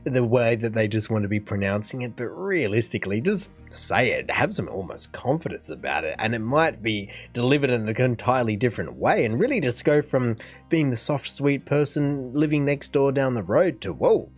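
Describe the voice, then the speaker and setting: An Australian man talks through his reactions in a chatty, opinionated way, with a voice of ordinary middle pitch. He keeps going at length in casual commentary, while faint music plays softly underneath. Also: lively intonation, normal speed. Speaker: reaction video host.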